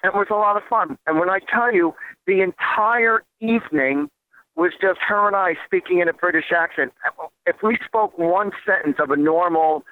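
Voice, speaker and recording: A man's voice: high-pitched, moderate pace, dry recording. A man with a New Jersey accent hosting a radio show, rambling casually with lots of fillers and restarts. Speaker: radio host. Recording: tinny phone-like radio line.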